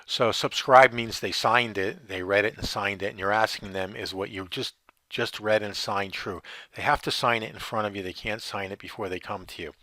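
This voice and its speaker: A man with a low-set, bright, forceful voice, recorded dry with no room sound. He teaches notary procedure step by step and keeps checking that his listeners follow him. He asks a question, then answers it himself. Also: fairly even intonation, normal speed, no room sound. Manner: explanatory, asks rhetorical questions and answers them. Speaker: notary instructor. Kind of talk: instructional explanation.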